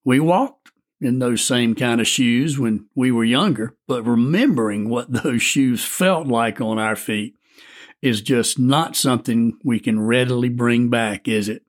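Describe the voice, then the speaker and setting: A man speaking as a storyteller, musing in a gentle way before he reads a story aloud. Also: medium pitch. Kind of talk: reflective talk and storybook reading. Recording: faint music underneath.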